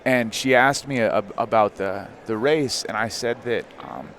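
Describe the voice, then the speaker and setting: A man in his thirties, a podcast guest, telling a personal story in a candid, animated way with frequent fillers. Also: lowish voice, measured pace, gravelly, slight background noise. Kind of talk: casual storytelling.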